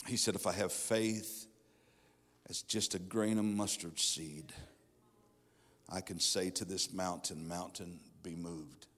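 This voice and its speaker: A middle-aged male pastor giving a sermon testimony in a church, his delivery swinging from hushed to fervent. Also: low-pitched, fairly even intonation, slow. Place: church sanctuary. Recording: long hall reverb.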